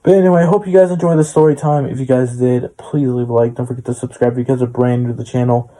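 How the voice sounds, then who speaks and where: A man's voice: mid-range voice, steady tone, fast talker, dark tone, rough recording. A young man telling a personal story in a casual vlog, rambling and full of "I was like" and "she's like". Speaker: storytime vlogger.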